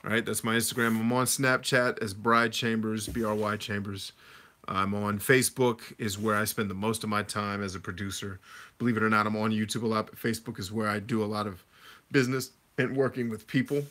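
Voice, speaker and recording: A man hosting a casual livestream, reading viewers' comments aloud and answering them in a relaxed conversational way. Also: lowish voice, brisk. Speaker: livestream host answering chat.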